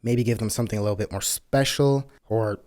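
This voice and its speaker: Wry low-voiced male co-host. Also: brisk, darkish tone. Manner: wry and joking, with sarcastic asides and mild grumbling. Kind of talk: casual card game discussion podcast.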